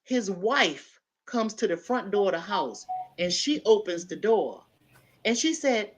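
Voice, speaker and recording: A woman, a panel guest telling a story in casual chat and acting out the loud parts. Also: medium pitch, a little slow. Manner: animated, builds to loud acted-out quotes.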